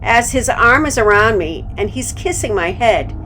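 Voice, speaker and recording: A woman narrating a scripted true-life story in a calm, measured reading voice. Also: fairly high pitch, a little hiss or hum.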